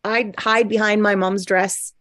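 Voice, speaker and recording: A woman chatting casually over a video call, friendly and quick to laugh. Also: mid-range voice, little pitch movement, a bit bright, dry recording, studio quality. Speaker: cast member of an online table-read group. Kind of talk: casual chat.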